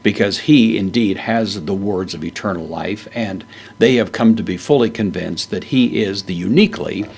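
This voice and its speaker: A man giving a measured, verse-by-verse Bible lesson, explaining the Greek words with frequent pauses. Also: on the low side, gravelly, a little mellow, slightly rough. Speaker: Bible teacher.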